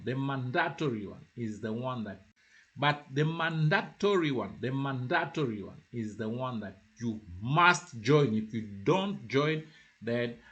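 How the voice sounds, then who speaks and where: A man teaching beginner French, explaining in a halting way with many repeats, and slowing down to model phrases for the listener to repeat. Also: medium pitch, highs cut off. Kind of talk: informal spoken lesson.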